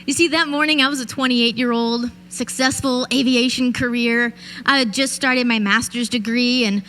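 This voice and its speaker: A woman gives a motivational keynote on stage, her voice sitting fairly high. She tells a vivid personal story and speaks straight to the audience. A faint hiss of noise stays under the speech. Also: fairly bright tone. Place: event stage.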